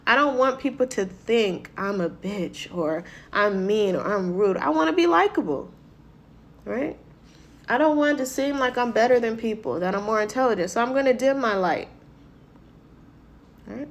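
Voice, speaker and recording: A woman's voice: on the high side, lively intonation, normal speed. A woman giving a casual motivational talk in a conversational manner, often checking in with listeners and acting out what people say. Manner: conversational, keeps asking "right?"; acts out quoted voices. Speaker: motivational speaker.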